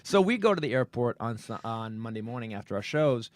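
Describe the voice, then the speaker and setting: Animated middle-aged male comedy podcast host. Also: mid-range voice, a little fast, dry recording. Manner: animated, acts out other people's voices, swears casually. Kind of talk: comedic storytelling chat. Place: podcast studio.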